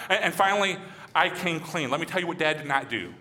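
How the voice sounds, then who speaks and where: A man from Michigan who preaches as a pastor, animated and acting out quotes in his sermon. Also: a little high, fast talker, big-room sound. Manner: animated, acts out quotes and voices.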